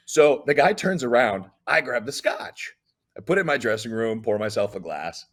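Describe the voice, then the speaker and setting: During a casual interview, a middle-aged comedian tells stories and brings the dialogue to life with character voices, staying animated. He has a mid-range voice and speaks at normal speed.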